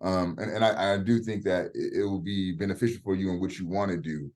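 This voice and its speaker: A man's voice: low voice, steady tone, fairly quick, a little mellow. A middle-aged man teaching a class over a video call, talking in a casual, direct way and swearing freely. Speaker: professor. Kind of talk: online class lecture.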